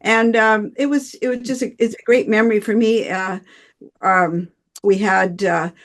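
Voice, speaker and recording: Woman group member on a video call, rambling, mid-pitched. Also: fairly even intonation, a little slow. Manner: warm, rambling storytelling. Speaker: church study group member.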